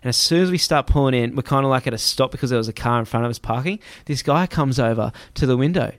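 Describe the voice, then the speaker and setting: A man telling a travel story in casual chat, animated and swearing, acting out other people's voices. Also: medium pitch, quick pace, no echo.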